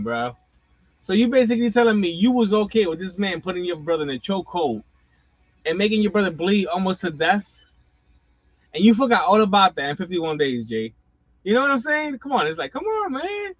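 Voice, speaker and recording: A man's voice: sits high, big pitch swings, normal speed, no room sound. A middle-aged man hosting a wrestling channel, ranting casually and profanely with lots of slang asides. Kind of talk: casual live-stream rant. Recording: dull lo-fi sound.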